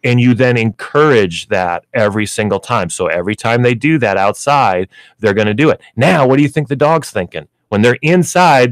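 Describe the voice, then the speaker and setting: A man's voice: mid-range voice, animated, moderate pace, no room sound. A man hosting a pet store radio show, explaining pet training in a chatty way with lots of fillers, in a radio studio. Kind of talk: radio pet advice talk.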